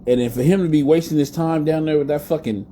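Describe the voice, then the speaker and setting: A man's voice: a little high, quick pace, dark tone, a little hiss or hum. Blunt, profane man hosting a live show. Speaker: podcast host. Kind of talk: casual live-stream rant.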